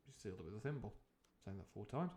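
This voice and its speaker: A man's voice: fairly low pitch, expressive, fast, darkish tone. A man reading a novel aloud on a live stream, who often breaks off into rambling, jokey tangents full of ums and uhs. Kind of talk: live book reading with comic asides.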